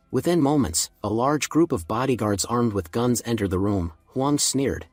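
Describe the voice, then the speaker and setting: A man narrating a story recap in a scripted, even, steady way. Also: mid-range voice, normal speed, few pauses, dry recording, soft background music.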